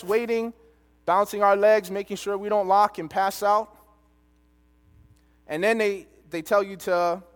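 A man preaching a sermon, telling a personal story with animated delivery and quoted dialogue. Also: sits high. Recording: long reverb of a large hall.

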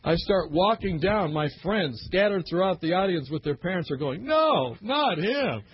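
A man's voice: high-pitched, moderate pace, breathy edge, dry recording. A middle-aged man preaching a storytelling sermon, acting out the voices of the people in his stories. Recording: dull lo-fi recording.

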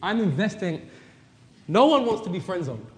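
A man's voice: sits high, sing-song, moderate pace. A man co-hosting a faith-based relationship talk, frank and speaking straight to the men listening. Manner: frank, addresses men directly. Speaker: co-host. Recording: reverberant hall.

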